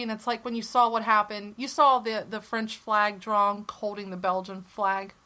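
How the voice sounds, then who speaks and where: A woman co-hosting a casual podcast, talking in a heated, profane, opinionated way and swinging her pitch up to stress points. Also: level tone, normal speed, hardly any pauses, sharp tone. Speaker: podcast co-host.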